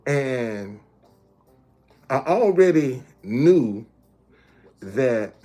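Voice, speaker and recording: A man's voice: mid-range voice, very animated, extremely slow, warm tone. A man talking casually to his viewers, explaining things step by step with emphasis and often checking that they follow. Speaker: street messenger and video host.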